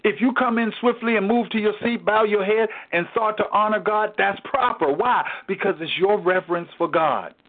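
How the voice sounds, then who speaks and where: A man's voice: high voice, normal speed, hardly any pauses. A man teaching a Bible study in a preaching cadence, asking rhetorical questions and repeating key phrases for emphasis. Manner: rhetorical questions, repeats "why?" and "guess what?". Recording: tinny phone-like recording.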